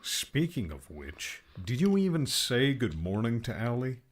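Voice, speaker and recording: A man's voice: medium pitch, sing-song, unhurried, husky, pitched above the performer's own voice. A man voicing a patient, fussy friend who explains things and mildly scolds. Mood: scolding.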